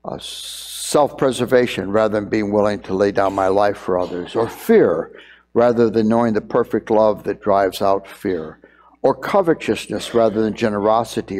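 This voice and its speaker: A man's voice: fairly low pitch, a little mellow, in a large hall. An older man preaching a sermon in a conversational way, often repeating words as he thinks.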